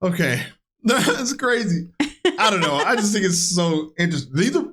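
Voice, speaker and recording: Woman host, casual reaction chat, low voice, very lively pitch. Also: normal speed, breathy edge.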